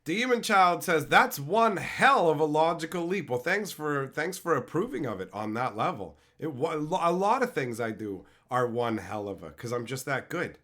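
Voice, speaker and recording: A young man from Canada rants to his live chat with loud, profane mock outrage. His voice sits a bit high and jumps all over the place, from near-shouts down to mutters. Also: very animated, moderate pace, hardly any pauses. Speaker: streamer reading chat. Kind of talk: casual rant to live chat.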